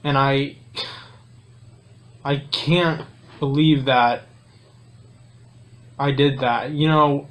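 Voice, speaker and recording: A man's voice: mid-range voice, steady tone, very slow, long pauses, a bit bright. A man in an emotional confession, hesitant and self-critical, sighing between words. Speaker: guest.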